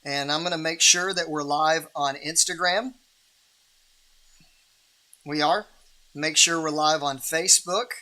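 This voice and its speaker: A man's voice: on the high side, steady tone, unhurried, long pauses, sharp tone. A man hosting a livestream Bible reading in a casual, rambling way, with many restarts and fillers.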